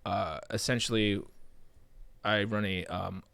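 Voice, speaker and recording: Low-voiced joking male podcast host. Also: fairly even intonation, slow pace, vocal fry, fairly bright tone, clear, resonant tone, no echo. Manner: joking, rambling, playful. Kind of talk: casual live podcast chat.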